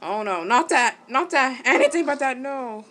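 A woman giving casual let's-play commentary, excitable, gasping and exclaiming at the game. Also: high voice, moderate pace. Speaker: gaming channel host.

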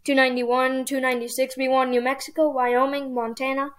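Woman host, high pitch, excitable running commentary over a strategy game. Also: fairly quick. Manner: excitable, thinking aloud while playing. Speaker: gaming channel host. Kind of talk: casual gameplay commentary.

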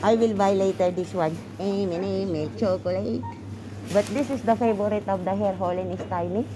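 A woman's voice: medium pitch, brisk, over music. A woman vlogging on a handheld phone while out shopping, rambling in chatty, broken English. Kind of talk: casual vlog monologue. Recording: noisy phone recording.

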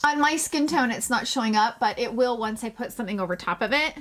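A woman's voice: fairly high pitch, animated, quick pace, fairly bright tone, faint music behind. Gushing, chatty woman beauty vlogger. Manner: chatty and gushing, jokes at herself; casual swearing. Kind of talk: casual makeup tutorial.

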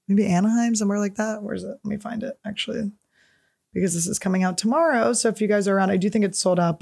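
A woman's voice: mid-range voice, gravelly, darkish tone. A woman comedian hosting a podcast, rambling in stream-of-consciousness style and swearing freely. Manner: rambling stream-of-consciousness, profane, jumps topics. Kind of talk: casual solo podcast chat.

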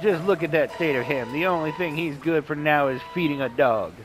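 The recording is low quality, and the voice is a man's, a little high and brisk, close to how he'd normally talk. He's performing a cocky skeleton sailor in a put-on Southern accent over game music, taunting, brash and mocking, with a cackling laugh.

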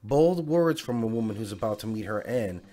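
A man's voice: lowish voice, animated, normal speed, warm tone, close to an everyday voice. Jeannie, a purring taunting genie, as a man puts her on. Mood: menacing. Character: taunting female genie, smug and menacing.

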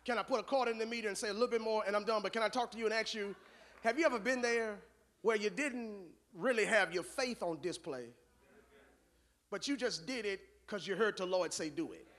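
Preaching briskly, a male pastor moves between low, conversational asides and loud call-and-response shouting.

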